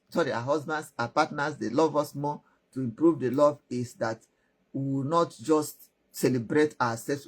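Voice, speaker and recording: A woman with a Nigerian accent telling stories and giving relationship advice, animated and asking the listener questions. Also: deep voice, husky. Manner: animated, repeats words, asks the listener questions. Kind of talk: storytelling advice talk.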